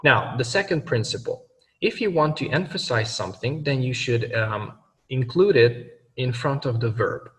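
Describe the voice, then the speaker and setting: A man explains grammar to learners at an even, mid pitch, with plenty of fillers and restarts. He stands away from the microphone, and his voice trails into a long reverb. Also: far from the mic. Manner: many fillers and self-corrections, slows down for examples. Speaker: language teacher.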